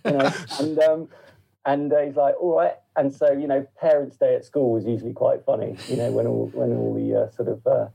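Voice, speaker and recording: Gravelly, husky man rambling. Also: mid-range voice, little pitch movement, brisk, warm tone, rough recording. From England. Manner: rambling, full of fillers and asides. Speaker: podcast guest. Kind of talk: casual interview chat.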